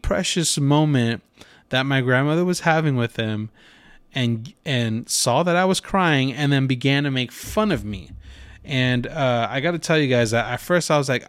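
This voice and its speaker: A man's voice: mid-range voice, normal speed, clear, resonant tone, no room sound. A man hosting a podcast, telling a family story in a casual, rambling way with many fillers and restarts. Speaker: podcast host.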